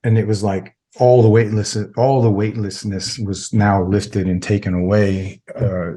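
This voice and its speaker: A man's voice: on the low side, little pitch movement, unhurried, warm tone. A middle-aged man, a military veteran, telling a personal story as a podcast guest in a rambling, casual way full of filler words.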